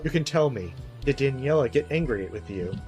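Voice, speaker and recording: A man's voice: mid-range voice, lively intonation, a little fast, close to an everyday voice. A man voicing an anxious, loving middle-aged father in a game, speaking in a pleading, worried way over game music.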